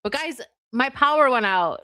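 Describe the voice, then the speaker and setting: A woman's voice: high-pitched, animated, moderate pace, pushed and bright, clear, resonant tone, dry recording. A woman co-hosting a livestream, chatting casually and laughing often as she rambles. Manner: giggly, rambling. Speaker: livestream co-host. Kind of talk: casual chat.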